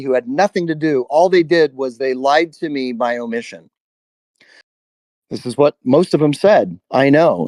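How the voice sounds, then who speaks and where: A man telling a personal story on a live stream about shadow work, speaking emphatically with profanity and long pauses. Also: fairly high pitch, a little mellow, dry recording. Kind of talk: intense personal storytelling to a listener.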